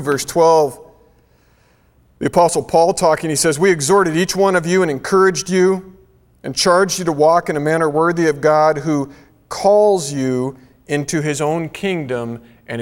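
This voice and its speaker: An earnest man preaches a sermon and slows down to stress his key phrases. His voice sits a little high. The long reverb of a large hall trails behind him. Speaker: pastor.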